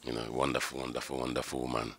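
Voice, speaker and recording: A man's voice: very deep voice, flat delivery, racing, vocal fry, a bit bright, breathy edge, no echo. A middle-aged man, the groom, speaking heartfelt and rambling about his bride in a wedding interview. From Nigeria. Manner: heartfelt, rambling with repeated "you know".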